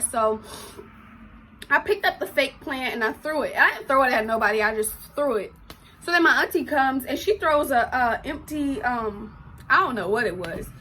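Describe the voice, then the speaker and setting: A teenage girl, telling a personal story in an emotional, animated way for her vlog. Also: fairly high pitch. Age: teens. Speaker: vlogger.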